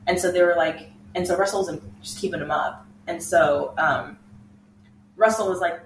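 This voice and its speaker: A young woman co-hosting a casual podcast chat, talking quickly and laughing often. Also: fairly low pitch. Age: young adult. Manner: chatty, laughs often, does mock voices of drivers. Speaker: podcast co-host. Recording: echoey room, mic far off, faint noise.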